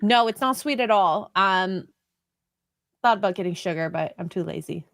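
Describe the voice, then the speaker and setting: A woman at a medium pitch chats easily on a party stream, giggling between sentences. The sound is dry and close, with no echo. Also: normal speed. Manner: giggly, relaxed and chatty. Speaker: co-host on a live stream. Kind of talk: casual party chat on a live stream.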